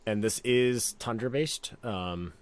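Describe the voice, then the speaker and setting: Brief man, game master, low voice, easygoing rambling narration. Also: slow, clean tone. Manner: relaxed, meandering narration with many fillers.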